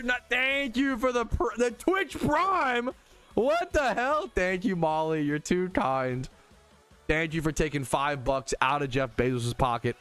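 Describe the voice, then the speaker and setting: Young male game streamer, casual and profane, slightly high pitch, faint music bed. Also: a bit bright. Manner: chatty, profane, reads out chat messages. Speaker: gaming streamer. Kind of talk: casual livestream commentary.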